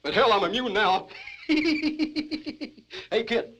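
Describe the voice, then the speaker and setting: A man's voice: mid-range voice, normal speed. An older man telling his story as a hobo in a rambling, folksy drawl full of curses, on muffled 1970s film sound with hiss. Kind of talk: rough storytelling documentary interview. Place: in a cave.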